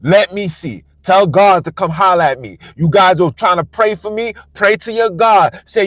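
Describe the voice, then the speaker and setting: A man's voice: sits high, moderate pace, hardly any pauses, a bit bright, dry recording. A man hosting a live stream, delivering a blunt, defiant and profane rant that hammers the same phrases over and over. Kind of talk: ranting monologue on a live stream.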